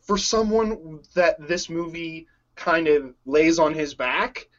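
A man gushes excitedly about a movie in casual chat, laughing often and getting carried away. His voice sits a little high for a man. The recording sounds dull and lo-fi. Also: slow.

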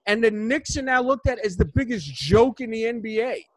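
A man hosting a sports podcast, chatting casually in an animated, rambling way full of restarts. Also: very high-pitched, moderate pace, no room sound. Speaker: podcast host.

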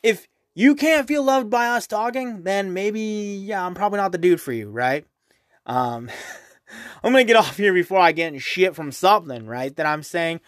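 Young male podcast host, high-pitched, rambling profane rant, dry close-miked sound. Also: animated, moderate pace, a bit bright, dry recording. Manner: rambling, profane, keeps asking "right?". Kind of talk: casual solo podcast rant.

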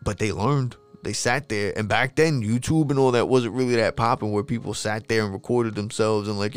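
A man's voice: lowish voice, brisk, hardly any pauses, smooth, faint music behind. A man, talking casually and rambling, swearing a lot and losing his train of thought. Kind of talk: casual monologue.

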